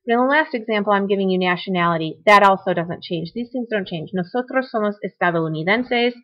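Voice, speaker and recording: Young woman teacher, mid-pitched, narrating a screencast lesson, chatty and repetitive explanations. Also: quick pace, muffled recording. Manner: explanatory, repeats points, conversational asides. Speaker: Spanish teacher. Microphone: computer mic for screencast.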